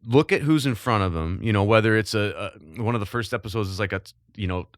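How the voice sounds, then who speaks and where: A man hosting a podcast interview, asking questions in a halting way and restarting his phrases. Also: lowish voice, no room sound, studio quality. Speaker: podcast host. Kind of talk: casual interview talk.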